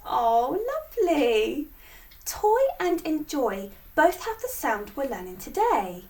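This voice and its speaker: High, sing-song children's teacher woman. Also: big pitch swings, slow pace, darkish tone, far from the mic. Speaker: phonics teacher and host. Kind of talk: children's phonics lesson.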